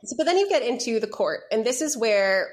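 A chatty woman co-hosts a casual film podcast and retells scenes with animation. Her voice sits a little higher than average. She talks in easy, conversational bursts. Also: very animated, a little fast. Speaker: podcast co-host.

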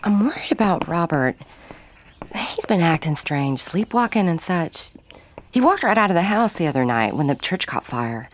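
A woman's voice: sits low, animated, moderate pace, slight background noise. An actress playing a worried rural wife who confides her troubles in an anxious way.

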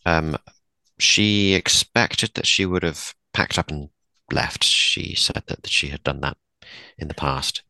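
A man's voice: very deep voice, slow pace, sharp tone, no room sound, full character voice. A man playing a polite, formal older woman who once served in the navy, in a tabletop game. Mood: courteous. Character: older woman, retired naval servicewoman.

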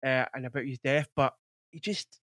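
At a normal speed and with fairly even intonation, a man in his 40s hosts a podcast and talks loosely about movies, full of rambling fillers. His voice is mid-range and a bit bright, and the clean studio sound carries no room tone.

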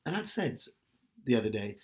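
A man in casual podcast chat, spinning out a story at an ordinary middle pitch. He rambles, piles on filler words and restarts sentences as he goes. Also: very animated, moderate pace, a little mellow.

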